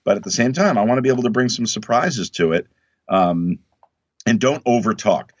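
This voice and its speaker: A man talking as a guest in a casual interview, emphatic and animated, acting out quotes in other voices. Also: mid-range voice, fairly quick, no room sound. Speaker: actor guest. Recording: dull lo-fi dry sound.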